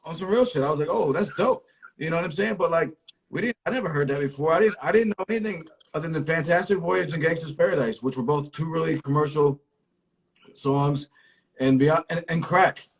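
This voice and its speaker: A man's voice: on the high side, a little fast, low-quality recording. A man from the East Coast of the US, talking frankly and emphatically with lots of slang in a casual conversation. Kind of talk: casual chat.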